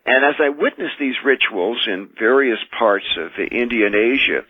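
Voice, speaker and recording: An American minister and exorcist, a man, telling his experiences as a radio guest in an earnest, measured way, often restarting his sentences. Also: medium pitch, animated, slightly rough, no echo. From United States. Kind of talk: radio call-in interview, recounting experiences. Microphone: telephone. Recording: tinny phone line.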